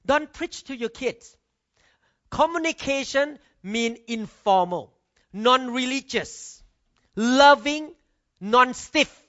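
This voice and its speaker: A man's voice: extremely high pitch, expressive, slow, pushed and bright. A middle-aged male pastor, preaching emphatically and punctuating points with "Amen.". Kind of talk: sermon. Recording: dull lo-fi recording.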